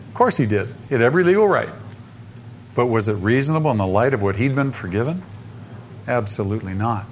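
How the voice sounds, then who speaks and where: A man preaching a sermon, asking the listeners questions and swinging between loud emphasis and soft drops. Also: medium pitch, a little hiss or hum.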